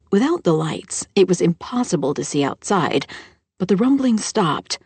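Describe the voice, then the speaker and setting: A woman narrating a first-person mystery audiobook in a steady storytelling voice on a close microphone. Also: fairly low pitch, normal speed, husky, no echo.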